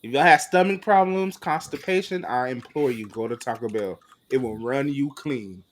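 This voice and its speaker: A man co-hosting a podcast in casual, joking chat full of slang, swinging from mumbles to loud bursts. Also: medium pitch, moderate pace. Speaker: podcast co-host.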